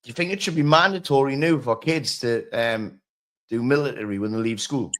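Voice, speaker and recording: A man's voice: mid-range voice, fairly quick, over a noisy crowd. A man hosting a casual interview, plain-spoken, with frequent ums. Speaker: podcast host.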